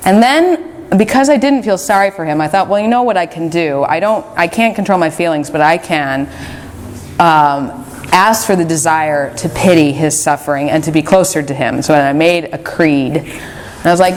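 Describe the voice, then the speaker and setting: Woman retreat speaker, lowish voice, candid and chatty, long hall reverb. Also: moderate pace. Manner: candid, conversational storytelling with fillers. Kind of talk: spiritual talk to a group.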